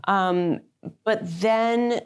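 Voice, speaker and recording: A woman in her fifties, a guest on a live interview, telling her story in an animated way and acting out the people she quotes. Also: fairly high pitch, very slow, smooth. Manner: frequent fillers and restarts. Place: live stage event.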